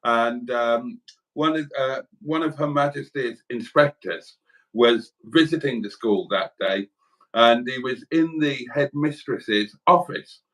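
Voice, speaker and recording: A man's voice: mid-range voice, fairly bright tone, rough recording. A British man co-hosting a livestream, telling a rambling anecdote with lots of fillers. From United Kingdom. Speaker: co-host. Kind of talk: casual livestream chat.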